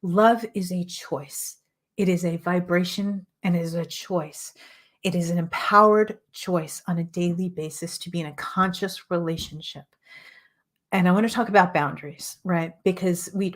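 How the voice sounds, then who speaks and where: Earnest, slightly hoarse woman coaching. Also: on the low side. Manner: earnest, repetitive, with frequent "right?" asides. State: losing her voice. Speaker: host and relationship coach. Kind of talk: motivational teaching monologue.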